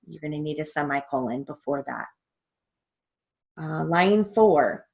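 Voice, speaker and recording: A woman's voice: sits low, lively intonation, unhurried, vocal fry, a little mellow. A woman, a court reporting instructor, walking through a transcript line by line and naming each punctuation mark as she reads it aloud. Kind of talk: recorded theory lesson walkthrough.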